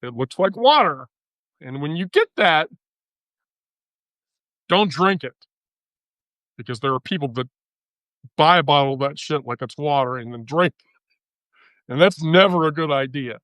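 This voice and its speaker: Woman voicing a patient male doctor, matter-of-fact, bright, steady. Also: low voice, a little slow, long pauses, dry recording. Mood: warning.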